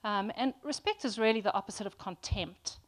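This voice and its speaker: A woman's voice: medium pitch, a little fast. A woman preaching a sermon to a congregation, earnest and emphatic, often restarting with ums.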